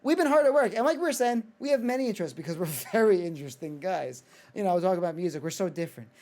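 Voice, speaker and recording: A young American man hosts a podcast, chatting casually in an excitable way, swearing and using lots of filler words. His voice sits high and he talks fast.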